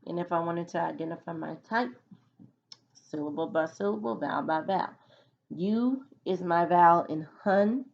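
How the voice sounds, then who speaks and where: A woman's voice: lowish voice, moderate pace, vocal fry, dull audio. A woman teaching a phonics lesson to children, patiently sounding out letters and syllables one by one.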